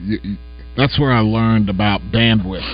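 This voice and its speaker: A man calling in from home to a radio show, answering in halting, stammering phrases. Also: fairly low pitch, faint music behind. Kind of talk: casual remote call-in chat. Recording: dull lo-fi remote line.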